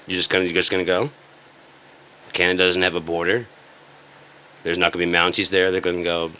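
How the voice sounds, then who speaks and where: A deep, forceful male voice delivering a sarcastic, rambling rant. He swears freely and jumps from point to point like an online commentator sounding off. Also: expressive, quick pace. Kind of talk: ranting commentary.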